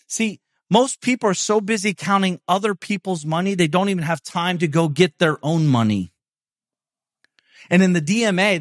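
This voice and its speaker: A man's voice: fairly high pitch, no room sound, clean studio sound. A man hosting his own podcast, talking in a brash, profane, salesy pep-talk monologue. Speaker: podcast host. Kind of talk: casual motivational monologue.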